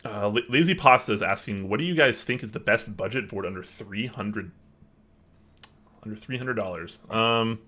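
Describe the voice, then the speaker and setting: Guy cohosting online chat, lowish voice, bright, lots of likes and ums. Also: normal speed. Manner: rambling, filler-heavy. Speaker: podcast co-host. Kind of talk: casual chat, reading viewer questions.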